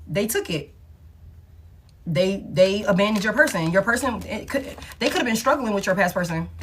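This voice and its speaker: A woman giving a casual tarot reading, speaking in a slangy, emphatic and repetitive way, with frequent swearing. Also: mid-range voice. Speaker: tarot reader.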